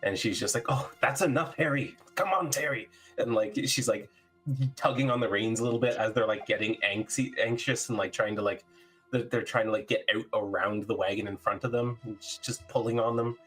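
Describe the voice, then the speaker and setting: A man narrating as game master of a tabletop game, relaxed and full of fillers. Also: on the low side, brisk, husky, faint music behind.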